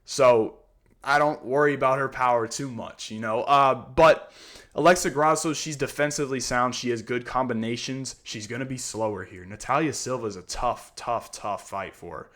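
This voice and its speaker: A man's voice: medium pitch, normal speed, fairly bright tone. A man hosting a fight predictions breakdown, talking casually and ranting heatedly, tagging sentences with "man" and "you know what I mean".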